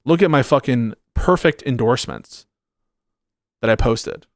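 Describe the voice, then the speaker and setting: A man's voice: medium pitch, unhurried, no room sound. Male political streamer, live commentary, blunt and swearing, rambles while hunting for comments, dry close sound. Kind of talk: livestream commentary reading chat.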